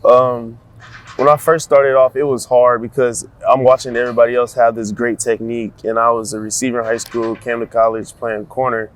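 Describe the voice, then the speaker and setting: A young man, a college football player, answering interview questions in a soft-spoken, halting way with many fillers and restarts. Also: mid-range voice, level tone. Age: young adult. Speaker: college football cornerback guest.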